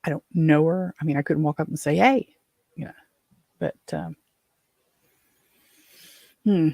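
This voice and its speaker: A woman's voice: sits low, fairly even intonation, measured pace, vocal fry, dark tone, no echo, studio quality. A middle-aged woman from West Virginia hosting her own show, rambling through exasperated stories with lots of fillers. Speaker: podcast host. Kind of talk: casual chat.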